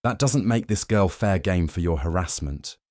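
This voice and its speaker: Man doing older rock star from birmingham, deep voice, firm and quietly menacing. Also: lively intonation, moderate pace, no echo, clean studio sound. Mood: angry. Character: aging male rock star, protective and stern.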